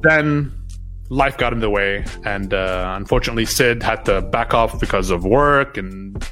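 A man's voice: fairly low pitch, moderate pace, soft background music. A man being interviewed on a podcast, telling stories in a loose, chatty way and acting out what others said. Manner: animated storyteller, acts out quoted voices. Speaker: podcast guest. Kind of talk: casual interview storytelling.

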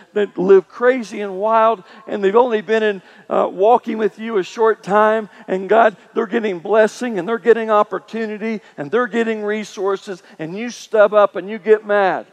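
Male preacher with a high voice, punchy and repetitive, talking right at the congregation. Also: dry recording. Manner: emphatic preaching, repeats phrases, addresses congregation directly. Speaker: pastor. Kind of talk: sermon.

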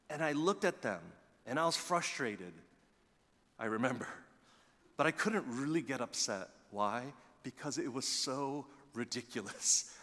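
A middle-aged man preaching in a church sanctuary, his mid-pitched voice trailing a long reverb through the hall. He is animated, punching key phrases loudly, then dropping to quiet, confiding asides. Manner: animated storytelling, swings between loud emphasis and quiet asides. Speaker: pastor. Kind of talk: sermon.

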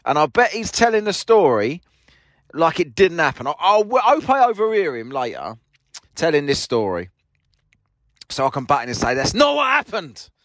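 A man's voice: fairly high pitch, big pitch swings, moderate pace, pauses often, dry recording. A man telling a sweary, mocking story in a casual monologue from his parked car. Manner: sweary, mocking, acts out both sides of a quarrel. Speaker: podcast host.

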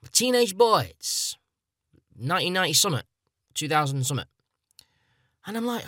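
A man's voice: high voice, very animated, moderate pace, pauses often, pushed and bright, no room sound, clean studio sound. A man, hosting a solo podcast in a rambling, self-mocking, chatty way. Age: 30s. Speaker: podcast host. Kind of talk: comedic solo podcast monologue.

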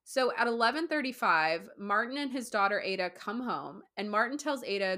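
Bright-voiced woman telling a true crime story. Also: medium pitch, normal speed. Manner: animated, swearing, mimics people in quotes. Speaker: true crime podcast host. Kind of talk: casual true crime chat.

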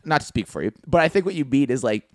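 A young adult man co-hosts a podcast, spinning rambling, profane stories in casual chat and laughing at his own jokes. His voice is medium-pitched with lively intonation and a quick pace. The recording is clean studio sound with no room sound.

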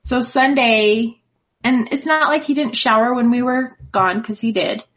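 A woman's voice: fairly high pitch, unhurried, low-quality recording. A woman in her thirties, a mother chatting casually and telling a story, acting out the lines of her son. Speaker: mom and co-host.

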